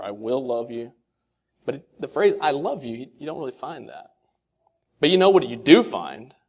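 A man giving a sermon-style talk to fathers, asking rhetorical questions and quoting scripture, his delivery swinging between soft and loud. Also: medium pitch. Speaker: speaker addressing fathers.

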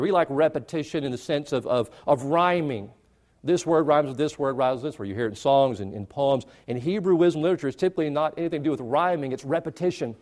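A male pastor preaching a sermon, emphatic and repetitive, rising in pitch to stress key phrases. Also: a little mellow.

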